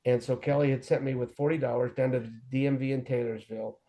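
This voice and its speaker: A man's voice: medium pitch, steady tone, quick pace, dark tone. A middle-aged man frankly telling his own recovery story as an interview guest, with self-deprecating humor. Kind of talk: candid personal storytelling.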